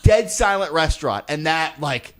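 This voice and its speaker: A young man spins a story on a casual comedy podcast. His pitch sits a little high and leaps all over as he goes. He laughs often and acts out what others said. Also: lively intonation, normal speed. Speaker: podcast co-host.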